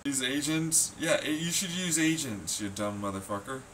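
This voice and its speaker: A man rants to the camera with heavy sarcasm and a lot of swearing. His voice is bright and edgy, and it swings from low mutters to loud shouts. There is a faint hum in the background. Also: lively intonation, moderate pace. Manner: profane, sarcastic, scornful. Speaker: vlogger. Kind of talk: ranting monologue.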